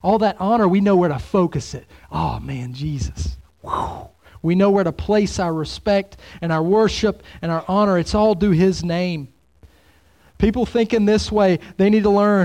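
A man preaching a sermon as pastor, swinging between loud exclamations and hushed, near-whispered lines. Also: high-pitched, normal speed.

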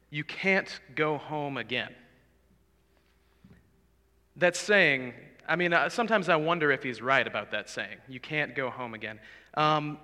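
A man's voice: mid-range voice, bright, forceful tone. A young man preaching a sermon in a church, earnest and conversational, asking the congregation questions. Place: church sanctuary. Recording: long hall reverb.

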